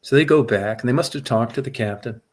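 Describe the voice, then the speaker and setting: A middle-aged man spins a long personal yarn in loose, casual talk, cursing freely and building energy as he goes. His voice sits at an ordinary middle pitch for a man. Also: fast. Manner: profane, animated storyteller. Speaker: guest telling a story. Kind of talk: casual storytelling.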